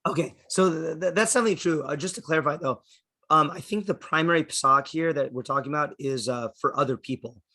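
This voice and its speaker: Rabbi teaching a Torah class. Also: male voice, a little high, fast talker, bright, forceful tone. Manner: checks in often with "okay?"; thinks aloud with restarts. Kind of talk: explanatory class lecture.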